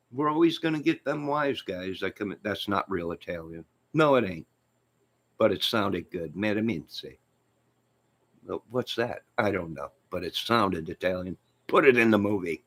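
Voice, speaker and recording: Low-voiced rambling joking man. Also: lively intonation, moderate pace. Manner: jokey, rambling, sudden loud outbursts. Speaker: channel host. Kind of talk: rambling joking livestream chat.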